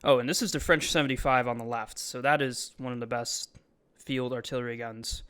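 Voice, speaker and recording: A man talks casually over his own video in a loose, rambling way, filling gaps with ums and likes. His voice is very smooth and resonant and sits at an ordinary middle pitch. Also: steady tone, brisk, a bit bright. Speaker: vlogger. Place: voice-over, not recorded in the museum.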